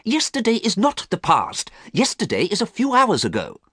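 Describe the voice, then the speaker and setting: Guy putting on an anxious painter, high strained pleading voice, lots of swoop, dead dry audio. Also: huge pitch swings, moderate pace, bright, forceful tone, husky, no room sound, heavily acted. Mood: worried.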